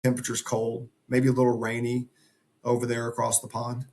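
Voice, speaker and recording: A middle-aged man with a gravelly, fry-touched voice, speaking as a podcast guest. He talks earnestly and with motivational emphasis, pressing his points home. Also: medium pitch, monotone, fairly quick, a little mellow. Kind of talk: conversational interview.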